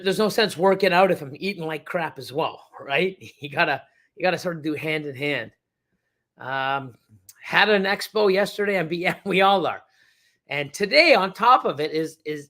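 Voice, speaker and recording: Speaking in a slightly high, fairly bright voice, this middle-aged reptile breeder runs a relaxed livestream. He goes through the chat in a rambling way, with plenty of fillers and false starts.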